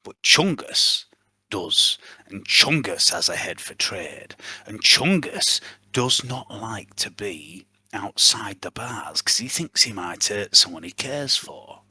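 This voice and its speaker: A man playing a calculating prisoner who plots an escape with his brother, speaking in a Yorkshire accent with a hushed, breathy delivery. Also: on the low side, sing-song, takes it slowly, no echo, exaggerated voice. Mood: scheming. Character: scheming male prisoner, calculating older brother. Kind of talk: tabletop role-play in character.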